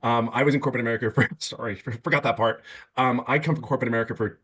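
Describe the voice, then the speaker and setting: A man in his fifties giving an emphatic, casual testimonial on a webinar video call, stumbling over words when excited. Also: mid-range voice, rapid-fire, breathy edge. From California. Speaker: webinar guest.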